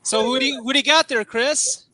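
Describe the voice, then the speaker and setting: A man's voice: extremely high pitch, fairly quick, sharp tone. A man hosting a casual video-call chat. He talks in a loose, laughing way and acts out what a dog is thinking. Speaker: host.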